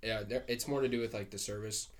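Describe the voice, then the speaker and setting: A man's voice: fairly low pitch, steady tone, quick pace, a crowd in the background. A young man co-hosting a podcast, talking casually in a laid-back, rambling way with lots of fillers. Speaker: podcast co-host. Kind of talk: casual chat.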